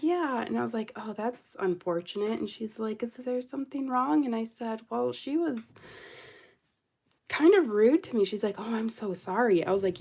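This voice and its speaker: A woman's voice: medium pitch, normal speed, vocal fry. A young adult woman vlogger telling a story casually while she crafts, acting out what people said. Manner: animated, acts out quoted voices.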